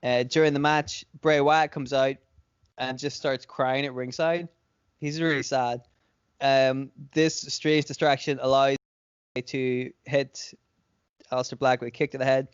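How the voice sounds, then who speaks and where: A man with a smooth, clear voice at a middle pitch, rambling through a story on a podcast with plenty of "like"s and swearing. The recording is dry and a little dull. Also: level tone, unhurried, no echo. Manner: rambling, filler-heavy, profane retelling. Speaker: podcast co-host. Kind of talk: casual fantasy-booking storytelling. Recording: dry, slightly dull lo-fi sound.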